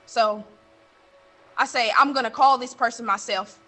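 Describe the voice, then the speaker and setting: A woman playing a blunt middle-aged man who runs a coastal mission, telling his story on stage and getting heated and loud. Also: on the high side, fairly even intonation, measured pace. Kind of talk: stage monologue from interviews.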